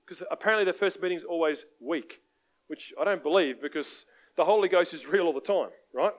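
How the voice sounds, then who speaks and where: Animated Australian preacher man, higher-pitched. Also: fairly quick. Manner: animated, conversational, asks the crowd for amens. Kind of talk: sermon with storytelling.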